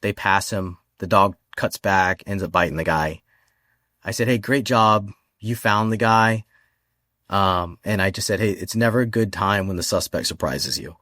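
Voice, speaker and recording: Lowish guy guesting on a podcast, chill storyteller, dry mic. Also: moderate pace, dry recording. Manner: relaxed storyteller who quotes himself. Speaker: podcast guest, police dog trainer. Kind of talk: casual chat.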